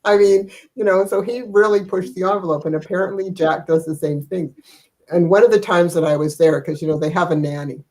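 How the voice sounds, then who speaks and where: A woman's voice: lowish voice, steady tone, brisk, a little mellow, rough recording. Chatty older woman telling family stories. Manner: chatty, rambling, chuckling, many fillers. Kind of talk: casual storytelling chat. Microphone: video call.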